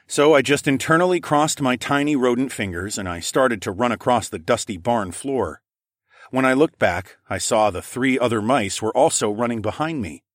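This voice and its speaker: A man narrating a first-person story in a steady, even reading voice. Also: lowish voice, dry recording, studio quality.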